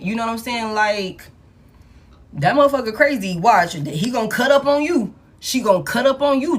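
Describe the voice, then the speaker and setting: A woman, giving a live tarot reading in blunt, profane, animated street talk. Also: medium pitch, normal speed. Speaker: tarot reader.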